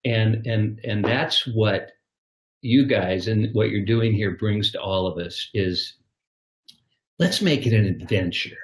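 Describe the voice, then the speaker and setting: An older man with a low voice gives reflective advice on a podcast. He tells his stories like little scenes. A roomy echo hangs around his voice. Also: slow. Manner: storytelling, acts out little scenes. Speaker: guest.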